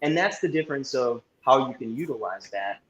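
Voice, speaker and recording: A man guest speaks at an average pitch while he walks the listeners through a breathing exercise. His delivery is instructive and coaching. The recording carries a roomy echo. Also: expressive, fairly quick, a bit bright, muffled recording, a little hiss or hum.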